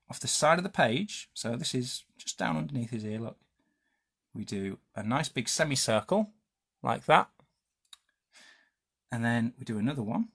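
A man's voice: mid-range voice, vocal fry, a bit bright, breathy edge. A man leading a live drawing lesson for children, chatty and playful, asking questions and making silly sound effects.

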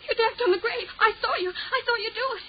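A woman playing a timid, high-voiced young woman. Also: fairly quick, close to an everyday voice. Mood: frightened. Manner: hesitant, soft-spoken, nervous. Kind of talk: 1940s radio acting. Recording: dull old radio broadcast.

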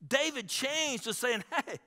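A man's voice: high voice, lively intonation, measured pace, pushed and bright, long reverb tail. A man pastor preaching a sermon in a conversational way, calling out to the congregation.

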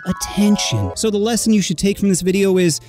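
A man narrating his own comedy stories in a scripted way, sarcastic and brash, with deadpan punchlines. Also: high voice, a little fast, soft background music.

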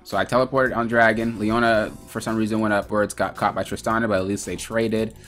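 A man's voice: on the low side, flat delivery, brisk, a bit bright, soft background music. A man giving casual, profane commentary as a gaming coach, retelling the calls he made during a match. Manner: loose and profane, retelling his in-game calls.

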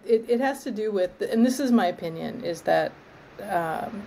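A woman arborist trainer as an interview guest, explaining in a thoughtful, measured way and often restarting her phrases. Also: mid-range voice, lively intonation, vocal fry, mellow, slight background noise, low-quality recording. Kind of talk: conversational interview.

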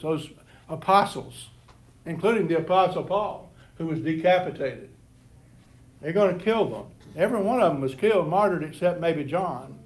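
A man's voice: on the high side, a little mellow. A man teaching a Bible lesson to a church class. He often repeats words and restarts, and says he has always stuttered. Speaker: Sunday school teacher. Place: church classroom before a group.

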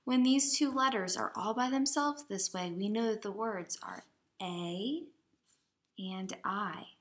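Woman, kindergarten teacher, very slow read-aloud, sounds out each word, bright tone. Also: mid-range voice. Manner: sounds out words letter by letter. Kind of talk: slow read-aloud lesson for young children.

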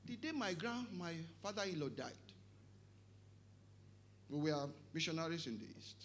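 Nigerian pastor, middle-aged man, high, very lively pitch; punchy, shouty sermon delivery with Yoruba asides. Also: normal speed, pauses often, slight background noise. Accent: Nigerian English with Yoruba. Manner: animated preaching, often shouting, mixing in Yoruba, joking with the congregation.

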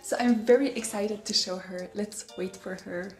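Excitable woman in an echoey room. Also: mid-range voice, moderate pace, recorded from a distance. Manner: excitable, gasping, exclaiming. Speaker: vlogger. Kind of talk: casual unboxing vlog. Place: room at home. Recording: roomy, from the mic, faint noise.

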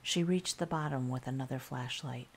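Soft-spoken low-voiced woman storyteller. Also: slight background noise. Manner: calm, soft-spoken, measured. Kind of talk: soft-spoken ASMR horror story narration.

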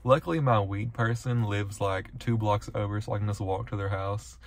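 A man's voice: fairly low pitch, normal speed. Rambling, swearing young guy. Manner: rambling, heavy swearing, lots of "like" and "y'all". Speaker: vlogger. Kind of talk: casual vlog to camera. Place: car and roadside in snow, then parked truck.

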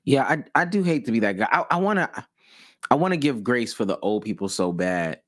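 A young man co-hosting a podcast, talking casually and haltingly, restarting phrases as he thinks aloud. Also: medium pitch, expressive, no room sound, studio quality. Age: young adult. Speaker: podcast co-host. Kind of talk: casual debate chat.

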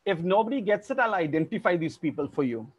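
A man's voice: high-pitched, expressive, quick pace, husky, highs cut off. A man hosting an online family quiz over a video call, formal and polite, calling players sir. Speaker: quizmaster.

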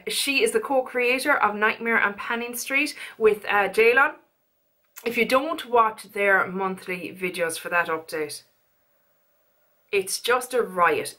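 A woman's voice: medium pitch, bright, forceful tone. A woman, chatting casually to camera in a beauty vlog, rambling and self-deprecating. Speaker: beauty vlogger.

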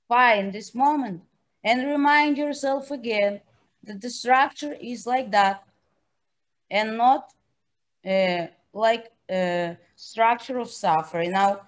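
High-pitched woman, slow and emphatic, keeps checking in with "right?". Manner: emphatic, frequent "yeah?" and "right?" tags, occasional swearing. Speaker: artist and painter, guest. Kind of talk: passionate conversational interview.

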